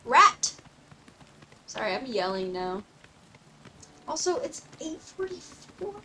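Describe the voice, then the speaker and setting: Her gameplay commentary is casual and playful, full of laughter and mock-old-fashioned asides as this young woman streams. She speaks at a measured pace in a highish voice that swings widely in pitch. The rough recording carries a little hiss or hum.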